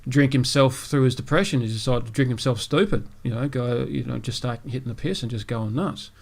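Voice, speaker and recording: On his gaming podcast, a man with a medium pitch and some vocal fry talks a little fast as he spins out a long joke. The telling meanders, stuffed with fillers and side comments.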